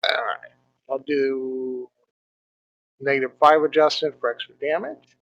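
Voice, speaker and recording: A man's voice: medium pitch, flat delivery, a little slow, fairly bright tone, dry recording, dull audio. A man playing an online tabletop game, unsure and asking how to work the controls. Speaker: player.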